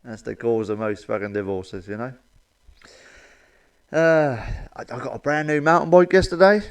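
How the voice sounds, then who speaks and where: A man's voice: mid-range voice, normal speed, smooth. A middle-aged man, telling crude, sweary jokes to camera and laughing at his own punchlines. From England. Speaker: comedian. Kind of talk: stand-up joke telling to camera.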